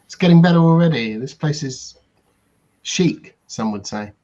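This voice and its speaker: A man's voice: fairly high pitch, animated, normal speed, warm tone, lo-fi sound, pitched above the performer's own voice, natural voice. A man voicing chipper spacer Bill. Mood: upbeat. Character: upbeat male space traveller Bill. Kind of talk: tabletop role-play.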